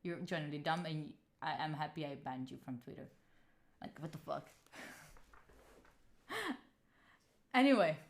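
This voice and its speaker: A woman's voice: low-pitched, a little slow, creaky, pauses often. A young woman in her twenties from Italy, speaking English with an Italian accent, chatting frankly with viewers on a live stream and swearing freely. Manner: animated, frank, swears freely, reads and answers chat. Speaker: livestreamer.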